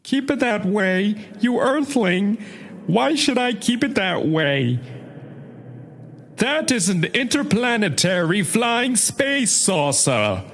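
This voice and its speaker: Man doing a fussy little martian, high, sing-song, prim clipped speech, slow. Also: big pitch swings, a bit bright, exaggerated voice. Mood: prissy. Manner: clipped, prissy, precise diction. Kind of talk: live-stream impression.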